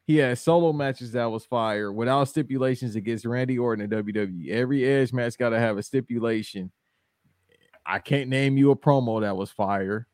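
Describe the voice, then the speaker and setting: A man's voice: mid-range voice, a little mellow, no echo. A man on a casual wrestling podcast, giving blunt, opinionated takes in slangy speech. His voice is recorded close and dry, with no room sound. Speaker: podcast guest.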